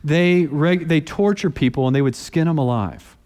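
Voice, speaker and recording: A man in his thirties, a pastor, delivers a sermon in a large hall at a normal speed. His voice is a little high, and as he tells stories he voices the quoted people in an animated way.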